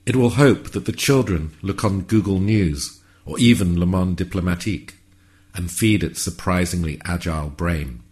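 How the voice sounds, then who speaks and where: A man narrating a whimsical story in a calm, measured, wry way. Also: sits low.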